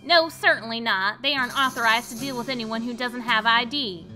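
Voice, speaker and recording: A woman's voice: on the high side, a little fast, music in the background, close to an everyday voice. A woman voicing a fussy, bureaucratic ghost town clerk in a comedy game, cheerful and pedantic. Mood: officious.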